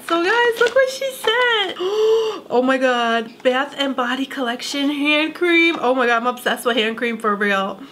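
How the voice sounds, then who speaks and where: A woman's voice: a little high, sharp tone, slight background noise. A young woman gushing through an emotional unboxing vlog, gasping and close to tears. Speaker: beauty vlogger.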